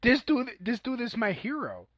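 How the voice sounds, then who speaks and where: Bright, lively man joking along. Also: extremely high pitch, moderate pace. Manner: joking reactions, playful. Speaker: podcast co-host. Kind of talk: casual chat. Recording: dull lo-fi podcast audio.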